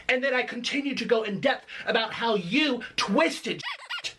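Bright, husky man ranting angrily. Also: very high-pitched, moderate pace. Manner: confrontational, accusing, sarcastic. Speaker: video creator in an online feud. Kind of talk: angry recorded rant.

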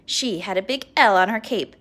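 A woman reading a children's book aloud in an expressive, playful way. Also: medium pitch, normal speed. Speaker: storybook reader.

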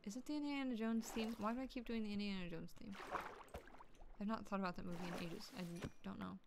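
A woman's voice: mid-range voice, steady tone, fast talker, gravelly, background noise. A woman, streaming a game and chatting casually in a crude, jokey way, humming and muttering to herself as she plays. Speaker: gaming streamer. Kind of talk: casual gameplay commentary.

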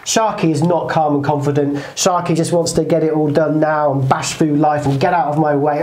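A man co-hosting a casual motivational chat, telling stories in an animated way and putting on voices. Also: on the high side, normal speed, hardly any pauses. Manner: animated storyteller, puts on voices. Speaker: co-host. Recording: roomy echo.

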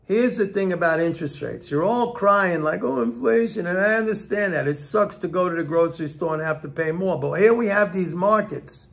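A man's voice: sits high, a little fast, hardly any pauses. An older man hosting an economics show, ranting bluntly and with exasperation at his viewers, swearing freely.

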